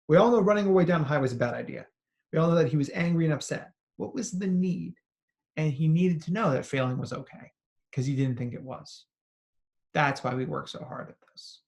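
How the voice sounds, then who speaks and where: A psychologist presenting a recorded talk to educators, telling stories in an earnest, conversational way and often adding "right?". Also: male voice, on the high side, vocal fry, darkish tone. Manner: earnest and encouraging. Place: remote talk, not in person.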